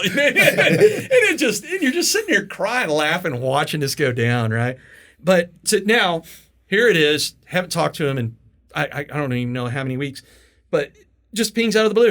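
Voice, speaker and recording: Laughing, animated male podcast host. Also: on the high side, normal speed. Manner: animated, laughs through stories, swears casually. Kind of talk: casual storytelling interview.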